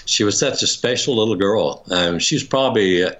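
Deep-voiced older man telling a story. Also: normal speed, a bit bright. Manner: rambling, many restarts, chuckles while telling. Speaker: interviewee. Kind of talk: casual storytelling. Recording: dull lo-fi recording.

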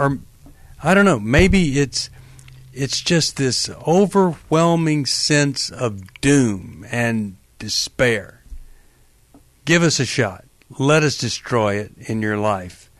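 A man's voice: mid-range voice, no room sound. Earnest male radio host, dry sound. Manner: earnest, emphatic, empathetic. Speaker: radio talk show host. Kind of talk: call-in advice radio.

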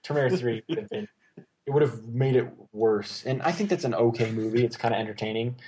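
A man talking casually about movies, excited and rambling, with lots of "like" and "um". His voice sits at an ordinary pitch. Faint background hiss and clicks run under the recording. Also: fast. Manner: rambling, enthusiastic, many fillers and restarts. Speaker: podcast co-host.

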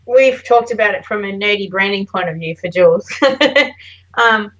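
A woman's voice: medium pitch, normal speed, a bit bright, dull audio. An Australian woman telling a story in a casual podcast chat, acting out the voices of the people she quotes. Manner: chatty, anecdotal, acts out quoted voices. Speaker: guest, branding designer.

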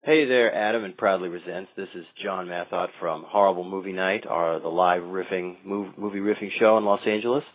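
A man's voice: low voice, a little fast, few pauses, no room sound. A man who hosts a comedy show, leaving an upbeat phone message. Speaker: comedy show host calling in. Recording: dry tinny phone line.

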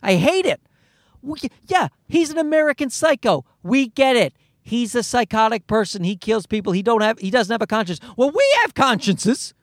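Podcast host ranting, bouncy pitch, lots of swearing, dry close sound. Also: animated, normal speed, dry recording. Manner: profane, ranting, many restarts. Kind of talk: casual podcast rant.

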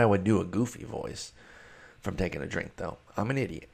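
A man's voice: low voice, fairly quick, vocal fry, husky. Chatty man breaking down baseball stats. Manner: chatty, self-deprecating, rambling with restarts. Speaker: fantasy baseball podcast host. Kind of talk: casual solo analysis.

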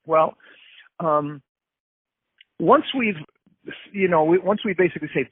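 A man's voice: high voice, animated, unhurried, pauses often, breathy edge, no room sound. A man as an interview guest, explaining ideas through acted-out everyday examples. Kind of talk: casual interview talk. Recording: tinny phone-line sound.

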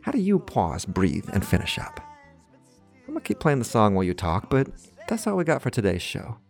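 A man's voice: lowish voice, wildly swooping pitch, a little fast, vocal fry, soft background music, heavily acted. A man hosting a children's audio show, friendly and encouraging, speaking straight to the young listeners. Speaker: host.

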